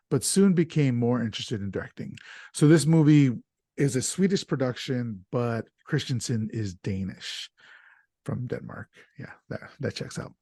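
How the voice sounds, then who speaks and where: A man's voice: mid-range voice, a little mellow, no echo. A man hosting a casual podcast chat, talking loosely and stumbling over names, with an easy laugh. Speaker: podcast host.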